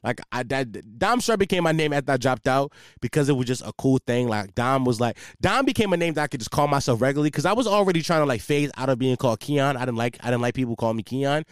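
A young man rambles through a solo podcast after a few drinks, his pitch swinging widely as he jumps between stories. He swears freely and mocks himself. The sound is dry and close, with no room echo. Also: expressive, fast, few pauses, clear, resonant tone. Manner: profane, rambling, self-mocking storytelling. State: tipsy from drinking. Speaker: podcast host. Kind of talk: casual solo podcast monologue. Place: home setup with a ring light, facing camera.

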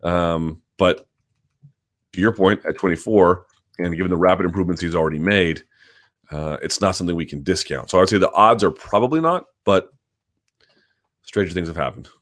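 A man with a notably low voice hosts a live chat, reading out viewer questions and talking through his answers. He hedges often, fills pauses with ums and restarts his sentences, and keeps a casual, conversational pace. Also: a bit bright. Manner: talks quickly and hedges, lots of ums and restarts; reads viewer questions aloud, then answers at length. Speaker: host.

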